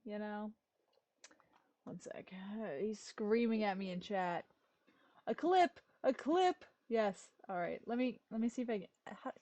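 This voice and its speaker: A woman's voice: mid-range voice, a little mellow. A woman streamer chatting casually and rambling through a list, with exasperated little rants. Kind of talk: casual livestream chat.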